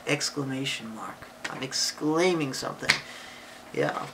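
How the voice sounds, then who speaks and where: A woman reading a picture book aloud to a child and explaining punctuation, patient and affectionate, with sudden high excited voices for exclamations. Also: measured pace, heavy background noise. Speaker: parent or relative reading to a child.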